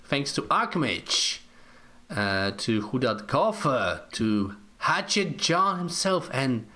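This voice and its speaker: A man's voice: medium pitch, big pitch swings, slow. A man producing a podcast in casual chat, reading out supporter thanks. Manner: reads supporter shout-outs. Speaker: show producer.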